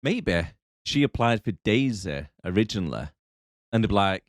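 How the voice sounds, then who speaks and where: A man's voice: lowish voice, sing-song, moderate pace, no echo, studio quality. A man co-hosting a podcast, laughing and joking in casual chat. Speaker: podcast co-host.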